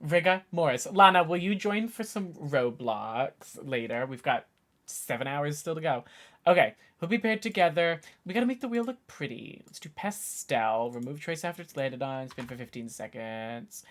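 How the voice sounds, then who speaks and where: Animated young streamer man, lively pitch. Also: normal speed. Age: 20s. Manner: animated, jokey, talks to chat while typing. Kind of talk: casual live-stream chat.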